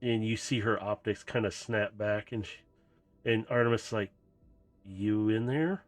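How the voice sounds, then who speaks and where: A man's voice: lowish voice, flat delivery, moderate pace, faint music behind. A man running a tabletop game as game master, narrating loosely and casually.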